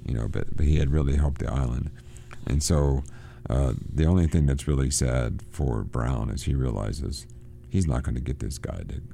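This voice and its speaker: A man hosting a radio book program, reading passages aloud and explaining them with halting repeats. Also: very deep voice, creaky, mellow, slight background noise. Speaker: radio show host.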